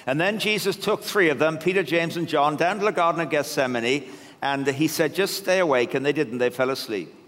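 A man preaching a sermon, telling the story in an animated, humorous way. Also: fairly high pitch, fairly quick. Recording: reverberant hall.

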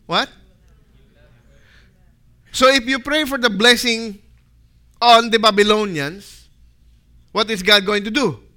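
A man preaching a sermon, dramatic and full of rhetorical questions, swinging from loud to hushed. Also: high voice, takes it slowly, pauses often.

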